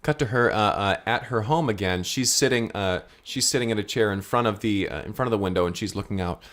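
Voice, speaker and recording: A man's voice: on the low side, fast, a bit bright. A young man co-hosting an improvised comedy podcast, telling the story with many restarts and playful put-on voices. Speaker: podcast co-host.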